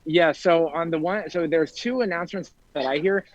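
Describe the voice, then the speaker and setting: A man's voice: a little high, moderate pace, a little hiss or hum. Playful man on a dull lo-fi line. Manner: playful, jokey asides. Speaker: podcast co-host. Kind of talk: casual chat. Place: in a theme park, remote. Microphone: earbuds. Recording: dull lo-fi sound.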